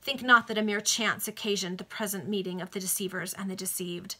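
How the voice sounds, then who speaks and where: A woman's voice: medium pitch, steady tone, a little fast, pushed and bright, husky. Woman reading as a solemn, righteous young man. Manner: solemn, impassioned.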